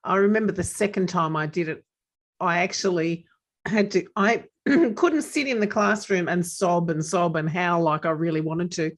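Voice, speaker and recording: A woman's voice: lowish voice, normal speed. A woman podcast host, candidly sharing a personal story in casual conversation.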